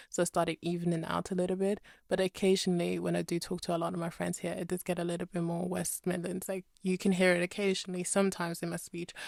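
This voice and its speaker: Young woman, from the Birmingham area, British accent with a slight american twang, low gravelly voice, dry close sound, rambling casual chat. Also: no echo. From Birmingham area, England. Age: 20s. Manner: chatty, rambling, self-correcting, laughs often. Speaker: Sims speed-build creator.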